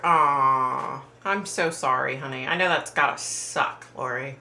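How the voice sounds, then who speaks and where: A woman hosts a casual livestream from home, answering her viewers' chat. Her voice sits low but has a bright, forward edge. The sound is roomy and echoey, as if she's in a bare room. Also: measured pace, vocal fry, slight background noise. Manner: chatty and sympathetic, trailing off with fillers. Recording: roomy echo.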